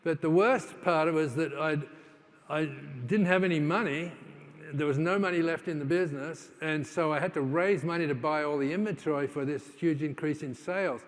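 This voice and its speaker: A man with a slightly high voice gives a keynote to a live audience, telling his story in a loose, conversational way full of "uh"s and restarts. He slips into the voices of people in his story as he goes. His voice carries the long reverb of a large conference hall. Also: moderate pace. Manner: conversational, with many fillers and restarts; acts out quoted dialogue in his stories. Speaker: keynote speaker.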